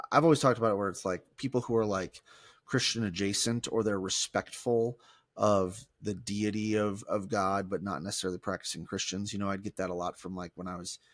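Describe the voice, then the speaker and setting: A lowish male voice on a close, dry studio mic, a former pastor chatting on a podcast. He talks in an animated way, often restarting his sentences. The sound is close and dead. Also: fairly quick, no echo. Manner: animated, restarts often, mimics people in quotes. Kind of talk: casual conversational podcast.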